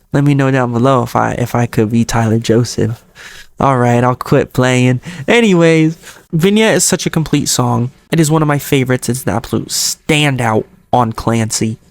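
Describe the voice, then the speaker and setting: A man's voice: medium pitch, moderate pace. Chatty, enthusiastic man reviewing music. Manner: enthusiastic, chatty fan talk with playful jokes. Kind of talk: casual album review monologue.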